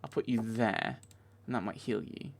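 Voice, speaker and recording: Excitable man playing a video game. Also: lowish voice, moderate pace, creaky, slight background noise. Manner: talks to the game characters, easily exasperated. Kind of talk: let's play commentary.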